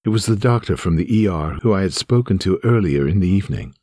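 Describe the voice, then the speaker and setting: A man's voice: low voice, animated, fast, warm tone, dry recording, studio quality. A man reading his own memoir aloud in a somber, earnest way. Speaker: narrator. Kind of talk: memoir narration.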